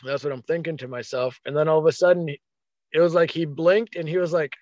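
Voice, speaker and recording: Animated man telling a hunting story. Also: on the high side, brisk, no echo. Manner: animated, acts out his own thoughts in quotes. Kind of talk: casual storytelling.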